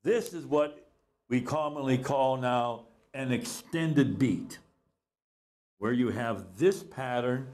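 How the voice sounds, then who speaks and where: A man's voice: medium pitch, takes it slowly, darkish tone. A man teaching a recorded music lesson, explaining patiently, repeating key points and counting beats aloud.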